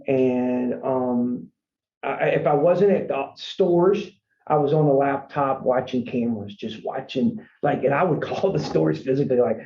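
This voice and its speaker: A man who runs a franchise company appears as a podcast guest, telling his story in a casual interview. He speaks at normal speed in a somewhat high voice, rambling earnestly and often saying "man." The sound is dull and lo-fi in an echoey room.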